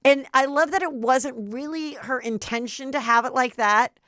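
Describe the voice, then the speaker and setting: A woman's voice: high voice, normal speed, pushed and bright, dry recording, studio quality. A woman hosting a podcast, telling stories in a chatty, enthusiastic casual way. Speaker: podcast host.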